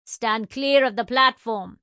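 A male platform announcer with a Jamaican accent booms his notices in a flat, deadpan way, put on by a woman narrating a storybook. The voice still sits a little high. The sound is close and dry, with no room around it. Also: takes it slowly, dry recording, heavily acted.

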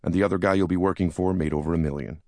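A man's voice: low voice, steady tone, very fast, darkish tone, no room sound. A man doing a sneering young yuppie broker. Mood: scornful. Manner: contemptuous, smirking.

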